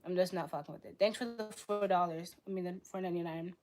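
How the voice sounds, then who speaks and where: Young woman, stream host, blunt and argumentative, answers chat with quick retorts. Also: on the low side, fairly even intonation, darkish tone. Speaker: livestream host. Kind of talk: live stream debate reading chat.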